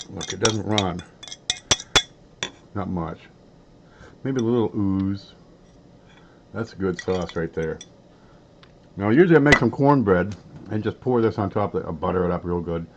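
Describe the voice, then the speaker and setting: A man hosting a coin collecting channel, chatting casually in a folksy, rambling way while he eats on camera with his mouth full. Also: sits low. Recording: dull lo-fi sound with faint background noise.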